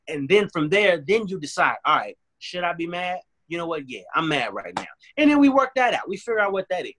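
Man, emphatic, repeats himself, bright voice, slightly high. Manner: earnest, emphatic, repeats phrases, acts out both sides of arguments. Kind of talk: casual chat.

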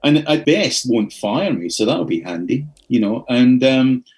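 A man's voice: medium pitch, lively intonation, unhurried, darkish tone, low-quality recording. A middle-aged Scottish man speaking as a podcast guest, his voice sitting in an ordinary mid range. He tells his anecdotes casually and with animation, slipping into the voices of the people he quotes. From Scotland. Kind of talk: casual storytelling interview.

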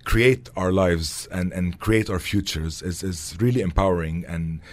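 A man's voice: low voice, a little slow, no echo. A man speaking as an interview guest, earnest and heartfelt, with a reflective, spiritual tone.

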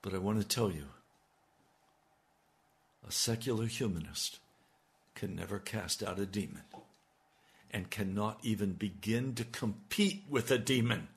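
A man's voice: on the low side, a little slow, pauses often. A man preaching a sermon, building to emphatic, urgent appeals. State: hiccups. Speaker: radio preacher.

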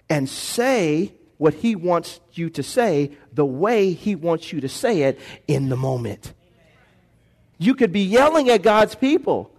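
A man pastor preaching a lively sermon in a church, acting out voices and calling for responses from the congregation. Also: sits high. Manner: animated preaching, acts out voices, call-and-response.

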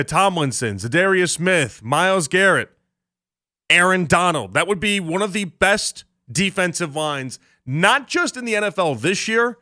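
High, bright-voiced sports radio host. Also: male voice. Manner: animated, rapid-fire, jokey rants. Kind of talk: sports talk radio monologue.

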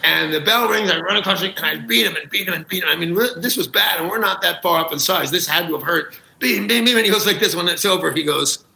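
A man's voice: high-pitched, fast, gravelly, few pauses, bright, forceful tone, reverberant, rough recording. A man, a talk show guest, telling comic anecdotes with gusto, acting out quotes and laughing at his own jokes. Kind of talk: animated comic storytelling.

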